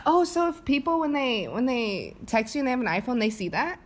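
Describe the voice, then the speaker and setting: A woman's voice: sits high, lively intonation, a little fast. A young woman co-hosting a podcast in casual chat, giggly and brash, swearing freely. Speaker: podcast co-host.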